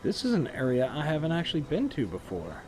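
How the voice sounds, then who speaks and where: A man's voice: a little high, huge pitch swings, a little fast, over music. A man streaming a survival game, chatting casually with laughing asides. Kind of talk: casual gameplay commentary.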